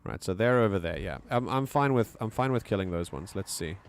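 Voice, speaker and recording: A man with a South African accent giving casual, excitable commentary while streaming a video game. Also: lowish voice, brisk. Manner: excitable, chatty, laughs often.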